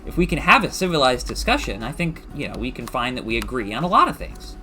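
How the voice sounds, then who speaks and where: A man's voice: mid-range voice, big pitch swings, fast, sharp tone, faint music behind. A man streaming a farming game, chatting casually and musing aloud as he rambles.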